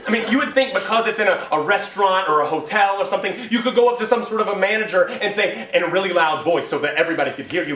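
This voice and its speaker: Young male speech competitor, animated and comic; high, bright voice; distant mic in a reverberant hall. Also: fast, few pauses, slight background noise. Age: young adult. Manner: animated, comic, exaggerated storytelling. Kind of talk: competitive oral interpretation performance. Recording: roomy hall, distant mic, faint ambience.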